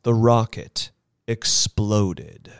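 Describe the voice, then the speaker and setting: A man performing a dramatic story reading as the storyteller, expressive and unhurried. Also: fairly low pitch, creaky, noisy background.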